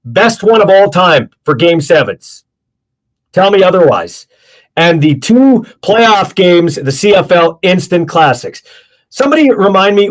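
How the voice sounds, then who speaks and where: A man's voice: high-pitched, very animated, measured pace. A middle-aged man hosting a casual sports talk show, opinionated and rambling with lots of fillers, sounding tired. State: tired, yawning.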